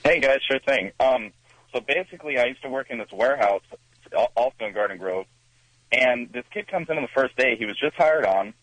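A man's voice: medium pitch, a little fast, fairly bright tone, dry recording, low-quality recording. A man calling into a radio show, telling an amused, rambling story full of fillers. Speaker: radio caller. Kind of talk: casual phone-in anecdote.

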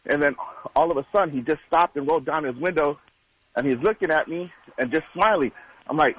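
A man's voice: a little high, quick pace, fairly bright tone, breathy edge, dry recording, low-quality recording. Chatty man calling in to a radio show, dry close sound, rambles on. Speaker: caller. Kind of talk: telling a story on a phone-in.

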